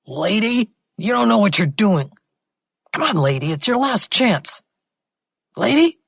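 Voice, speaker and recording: A woman's voice: medium pitch, very animated, measured pace, creaky, breathy edge, no echo, pitched above the performer's own voice, exaggerated voice. A woman doing a sleazy blackmailing man. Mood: pleading. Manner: wheedling, pushy, street slang. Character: sleazy male blackmailer, greedy and pushy.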